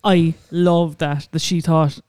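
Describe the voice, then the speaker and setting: A young man from Cork chats on a podcast in a fairly high, smooth voice with a mellow tone. He laughs a lot and swears casually. The mic is close and dry. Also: level tone, slow, no room sound. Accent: Cork Irish. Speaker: podcast co-host. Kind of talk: casual chat.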